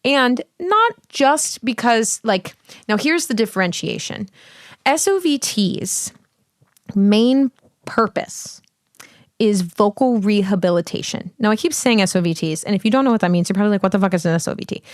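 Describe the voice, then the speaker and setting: A woman's voice: medium pitch, expressive, moderate pace, no room sound, clean studio sound. Blunt, foul-mouthed woman vocal coach. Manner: blunt, profane, salty; emphatic, chatty with many fillers. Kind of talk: casual spoken explainer.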